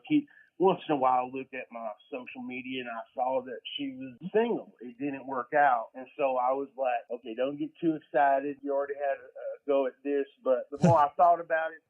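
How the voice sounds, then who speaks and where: A man calling in to a radio show, telling his story in an earnest, hopeful way. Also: mid-range voice. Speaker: caller. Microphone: phone. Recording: tinny phone line.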